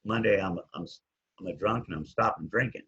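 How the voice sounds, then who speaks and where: A man's voice: brisk, breathy edge. A man in his fifties, a guest telling his own story casually, often trailing off with "anyways". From Hawaii. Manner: animated, jumps up and down in pitch, trails off with "anyways". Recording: dull lo-fi sound.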